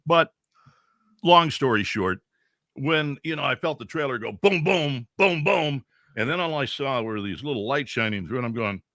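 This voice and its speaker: Bright-voiced veteran radio man in his sixties. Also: mid-range voice, moderate pace, no room sound, clean studio sound. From Central California. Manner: animated, chuckling anecdotes. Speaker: veteran radio DJ, podcast guest. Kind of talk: casual storytelling.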